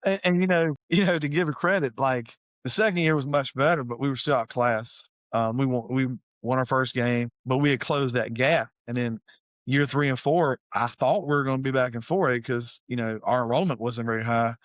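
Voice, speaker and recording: As an interview guest, this middle-aged head football coach from a Savannah, Georgia high school relaxes into folksy, lively coaching stories. He speaks at a moderate pace in a typical middle male pitch, recorded close and dry with no echo or room sound.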